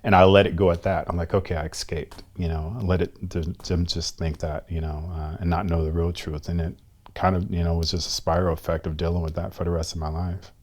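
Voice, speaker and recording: A man in his fifties, a guest telling a personal story in an interview in a soft-spoken, reflective and earnest way. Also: low voice, little pitch movement, brisk. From United States. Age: 50s.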